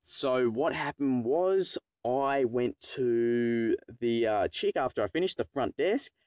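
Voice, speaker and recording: A teenage man telling a funny personal story to his viewers, excitable and swearing freely, dropping into low mutters when he acts out his own panic. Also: slow pace, dry recording. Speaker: vlogger. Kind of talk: casual storytelling to camera.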